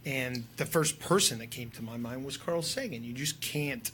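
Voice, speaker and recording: A man's voice: mid-range voice, moderate pace, sharp tone, a little hiss or hum. A man, a filmmaker and drone pilot, chatting as a guest in an enthusiastic, rambling way. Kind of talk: casual podcast conversation.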